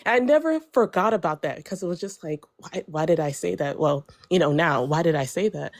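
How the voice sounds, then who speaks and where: A woman's voice: fairly low pitch, fairly quick. A young woman telling a personal story on a live stream in a casual, chatty way, full of fillers and quoted dialogue. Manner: chatty, lots of fillers, animated when quoting others.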